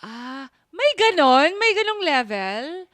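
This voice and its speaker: A woman co-hosting a podcast, teasing and quick to react. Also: high-pitched, very animated, fairly bright tone. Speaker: podcast co-host. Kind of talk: casual chat.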